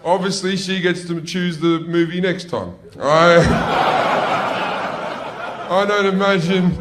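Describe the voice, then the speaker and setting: A man's voice: high-pitched, takes it slowly, long pauses, a crowd in the background, noisy background. Brash, profane male stand-up comedian. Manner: brash, profane, swings to shouted outbursts. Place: comedy club stage.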